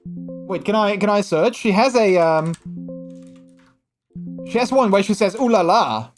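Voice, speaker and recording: A man chatting casually on a live stream in an animated, gushing way, full of restarts. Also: high voice, measured pace, soft background music.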